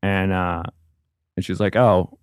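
A man's voice: deep voice, flat delivery, takes it slowly, slight background noise. A man, a comedian, telling a rambling casual story, laughing as he goes and acting out voices. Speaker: comedian guest.

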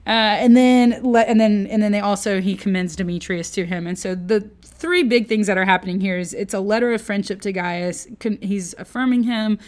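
A woman's voice: medium pitch, moderate pace, hardly any pauses, a little mellow. A woman giving a casual, chatty Bible lesson, playful and full of jokey asides. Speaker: Bible teacher.

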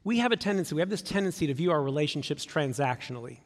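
A man preaching a sermon as pastor, conversational and animated. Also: fairly high pitch, racing, hardly any pauses, in a large hall. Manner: conversational, animated, acts out quoted voices.

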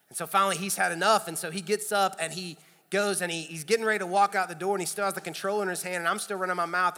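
Youngish preacher guy telling funny family stories, kinda high bright voice, big church echo. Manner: storytelling, animated, self-deprecating humor. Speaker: pastor. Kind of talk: sermon. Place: church sanctuary. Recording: long hall reverb.

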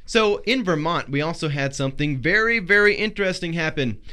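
A man's voice: a little high, expressive, brisk, smooth. A man hosting a faith talk show, telling odd news stories in a theatrical, jokey way. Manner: theatrical, jokey, big swings in loudness. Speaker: host.

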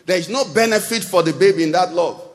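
A pastor with a Nigerian English accent preaches in a high, bright voice. His sermon is chatty and full of questions thrown to the congregation. The sound rings with a long reverb tail from a large church hall. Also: fast.

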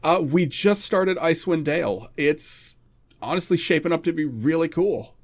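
Wry young man, lively voice. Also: a little high. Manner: wry, self-deprecating, halting with fillers. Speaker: podcast guest, game master. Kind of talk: casual podcast chat.

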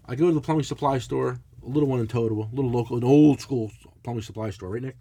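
A man's voice: medium pitch, rapid-fire, husky. A middle-aged man, telling a profane, blunt story in casual chat as a podcast co-host. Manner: animated, swearing, blunt ranting.

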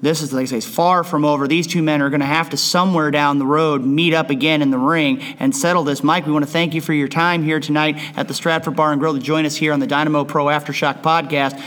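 A man's voice: a little high, flat delivery, quick pace, few pauses, fairly bright tone. Man hosting a wrestling recap. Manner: repetitive, hype-style phrasing. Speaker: podcast host. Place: bar and grill.

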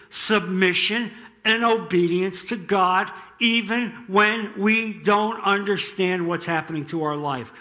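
A man preaching a sermon as pastor, reading scripture aloud slowly and earnestly. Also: high-pitched, bright, forceful tone.

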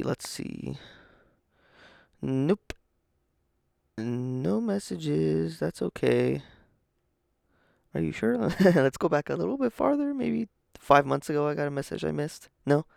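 A man rambles through his solo podcast in a deeply gravelly, fry-laden voice. He sounds tired and self-deprecating, swearing casually as he goes. The mic is close and the sound is dry, with no room in it. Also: animated, measured pace, long pauses, darkish tone, dry recording. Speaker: podcast host.

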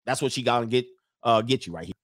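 A man's voice: mid-range voice, fast, fairly bright tone, slight background noise. A man hosting a reaction commentary, talking about a video clip in an emphatic, sarcastic way. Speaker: commentary host.

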